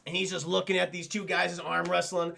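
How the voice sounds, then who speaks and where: A man's voice: high voice, flat delivery, brisk, creaky, bright, forceful tone. A man recapping a film scene by scene for his live chat. He talks animatedly, swears, laughs often and keeps calling out to the chat. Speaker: streamer, film reviewer.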